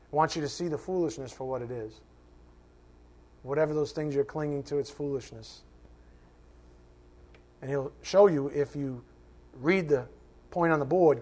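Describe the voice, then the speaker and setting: A man preaching a sermon as pastor, conversational and self-mocking, animated and joking, sometimes shouting. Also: mid-range voice.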